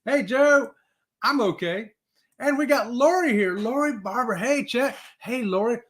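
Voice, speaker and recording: A man's voice: very high-pitched, lively intonation, measured pace, a bit bright. A man hosting a casual livestream, upbeat, reading viewer comments aloud and laughing often. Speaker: livestream host.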